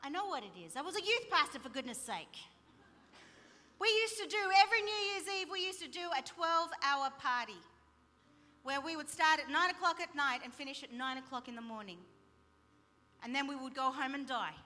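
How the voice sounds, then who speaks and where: A middle-aged woman telling a personal story in a sermon, lively and full of quoted dialogue. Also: sits high, brisk, long reverb tail. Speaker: speaker sharing testimony. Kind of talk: sermon-style personal testimony.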